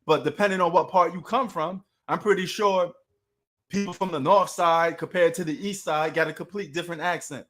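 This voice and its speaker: A man's voice: high voice, fairly even intonation, fairly quick, a bit bright. A man with a Queens New York accent hosting a casual sports livestream, talking loosely and slangily to his chat.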